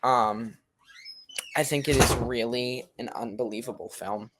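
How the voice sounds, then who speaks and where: A man's voice: medium pitch, steady tone, a little slow, very noisy. Hedging young man chatting about films. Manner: hedging, lots of ums and qualifiers. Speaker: podcast co-host. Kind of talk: casual film chat.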